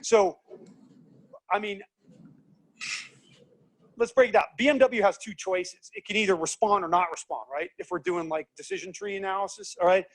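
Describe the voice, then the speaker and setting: High, animated man speaking to a group. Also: moderate pace, pauses often. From United States. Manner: animated, acts out quoted voices, asks the audience questions. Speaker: speaker teaching leadership. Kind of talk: lively seminar talk to a group.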